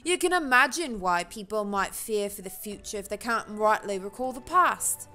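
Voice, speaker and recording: A woman voicing a gruff male seafaring innkeeper in a shaky put-on brogue, reading game dialogue aloud. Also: medium pitch, animated, moderate pace, sharp tone, soft background music. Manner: wobbly put-on pirate-style brogue.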